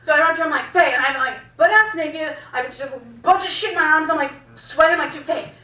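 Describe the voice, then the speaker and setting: A young woman telling a profane, animated stand-up story, laughing as she goes, in a small cafe room. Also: sits high, quick pace, distant mic. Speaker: stand-up comedian. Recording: echoey room, mic heard from afar.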